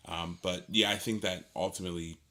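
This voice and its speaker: Deep-voiced man with a bright edge, loose and chatty with lots of fillers. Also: steady tone, fairly quick. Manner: rambling, many fillers and restarts; laughs easily. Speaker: podcast co-host. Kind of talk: casual conversation.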